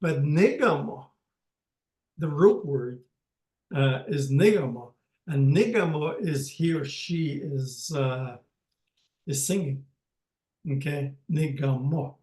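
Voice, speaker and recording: An older man teaching a language lesson over a video call, speaking haltingly with many pauses and restarts. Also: fairly high pitch, a little mellow, roomy sound, low-quality recording.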